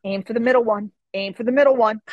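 Eine Frau als brüllender Vater am Ring. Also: female voice, on the high side, fast, no room sound, lo-fi sound, close to an everyday voice. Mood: fired up. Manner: yells blunt orders. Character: fired-up father coaching from the side.

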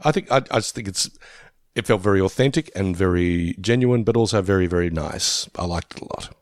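A man's voice: low-pitched, expressive, brisk, no room sound, clean studio sound. A man co-hosting a podcast in casual chat, joking dryly and stumbling into restarts as he talks. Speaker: podcast co-host.

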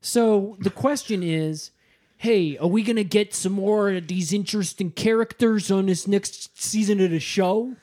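A man's voice: high-pitched, measured pace, a little mellow. A man hosting a comedic podcast, mock-serious and scolding his guest. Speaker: podcast host.

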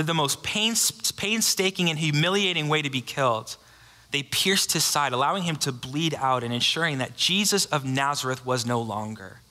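A man preaching a sermon, telling the story earnestly and dropping to a hush for emphasis. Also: fairly high pitch, long reverb tail. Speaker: pastor.

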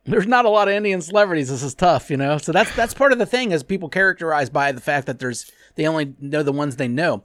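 Guy ribbing his cohost on a podcast, lots of swearing, highish voice, dry sound. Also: expressive, a bit bright, dry recording. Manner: teasing, swearing, quick to mock. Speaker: podcast co-host. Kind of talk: casual profane chat.

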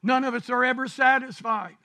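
A man preaching a sermon as pastor, shouting his points and drawing out scripture verses slowly. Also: very high voice, fairly even intonation, gravelly. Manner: preaching with shouted emphasis and drawn-out scripture reading.

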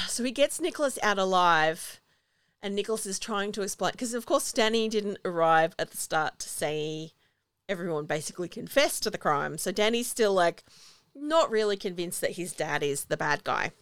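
A woman, casually recapping a film as a podcast co-host and acting out quoted lines with animated storytelling. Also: medium pitch, normal speed, smooth, no echo, studio quality.

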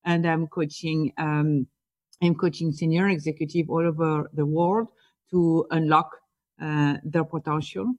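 A French executive leadership coach with a French accent answers interview questions eagerly as a guest over a remote call, often repeating small words. Her voice is low, flat, a little slow and darkish in tone.

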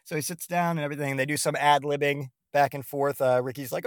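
A man's voice: a little high, quick pace, few pauses, no echo, studio quality. A man hosting a podcast, rambling through a casual monologue and swearing freely as he retells scenes. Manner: profane, rambling, animated retelling. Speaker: podcast host.

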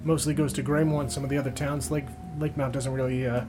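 A man's voice: mid-range voice, level tone, quick pace, natural voice. A man voicing a chatty, flirtatious middle-aged ale seller who rambles in folksy small talk. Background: background music.

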